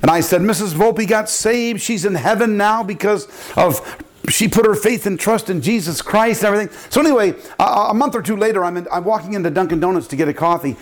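Older man, pastor, sermon storytelling, animated, acts out quotes, higher-pitched voice. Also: fairly quick. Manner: animated preaching, acting out quotes with big pitch jumps.

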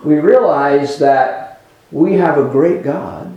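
A male pastor preaching with deliberate slowness, his voice sitting a little high for a man. He restarts phrases and leans on small fillers as he works through his point. The room around him is echoey. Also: lo-fi sound. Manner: unhurried, earnest preaching with many restarts and fillers. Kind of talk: sermon. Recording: roomy echo.

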